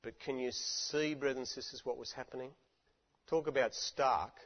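A man's voice: mid-range voice, steady tone, moderate pace. A man delivering an impassioned sermon from a stage microphone, with repeated rhetorical appeals to his listeners. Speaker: preacher. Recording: dull lo-fi recording with long hall reverb.

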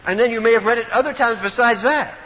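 Male preacher for a sermon, bright and highly animated, long hall reverb. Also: fast talker. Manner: animated, storytelling, emphatic. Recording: echoey hall, faint room noise.

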